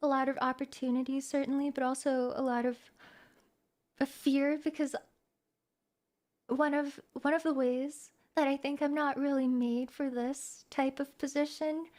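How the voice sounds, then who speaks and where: A woman streamer talks to her viewers in a soft, reflective way. Her voice sits high. She hesitates and restarts her phrases often. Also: flat delivery, moderate pace. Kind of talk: personal talk to viewers.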